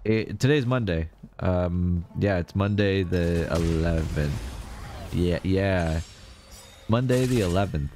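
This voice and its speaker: A man's voice: sits low, slow, noisy background. A young man streaming live, chatting casually and jokily with his viewers in a rambling way. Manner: rambling, jokey, chats to viewers, laughs often.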